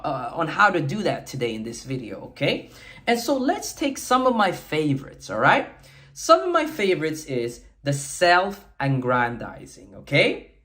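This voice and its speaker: A man's voice: fairly high pitch, a bit bright. A man coaching viewers on flirting, speaking emphatically and tagging lines with a questioning "okay?". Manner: emphatic, repeats "okay?" often; acts out sample lines in varied tones. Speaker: dating coach. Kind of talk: talking-head coaching video.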